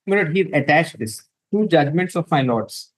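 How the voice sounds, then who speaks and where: Male advocate, formal courtroom pleading, deferential yet emphatic, slightly high voice. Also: animated, moderate pace, rough recording. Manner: deferential, repeatedly saying my lord; emphatic, reads passages from documents.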